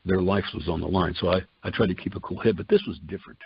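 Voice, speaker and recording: Gravelly low-voiced older man telling his story. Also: fast talker, dry recording. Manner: folksy, retells dialogue in quoted exchanges. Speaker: testimony speaker. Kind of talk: personal testimony storytelling. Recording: dull lo-fi dry recording.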